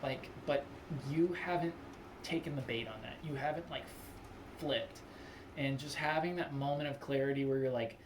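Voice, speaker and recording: A young man talking casually on his own, rambling with lots of "like" and acting out quick angry replies. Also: medium pitch, fairly even intonation, a little hiss or hum. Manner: loose and rambling, full of "like", acts out angry quotes. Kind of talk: casual spoken monologue.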